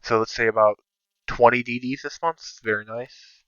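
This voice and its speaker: A man's voice: medium pitch, fairly even intonation, normal speed, a bit bright, clean tone, no room sound, highs cut off. A man giving casual, think-aloud commentary over his own strategy game, sometimes counting under his breath. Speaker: strategy game video creator.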